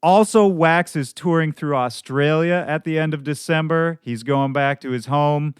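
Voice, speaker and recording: A man hosting his own podcast, talking loosely and candidly, his voice hoarse from shouting at a show the night before. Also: a little high, moderate pace, dry recording, studio quality. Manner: candid, loose and conversational, with some swearing. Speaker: podcast host. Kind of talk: casual podcast monologue.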